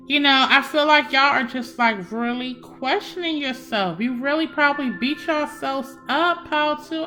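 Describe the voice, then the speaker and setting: A young woman giving a casual psychic love reading, emphatic and chatty, speaking straight to her viewers. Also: a little high. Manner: warm, emphatic, addresses viewers as y'all. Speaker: tarot reader. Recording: faint background music.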